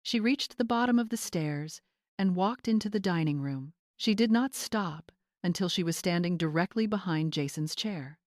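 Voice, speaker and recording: A woman narrating a family drama story in an even, measured manner. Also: lowish voice, no room sound, clean studio sound.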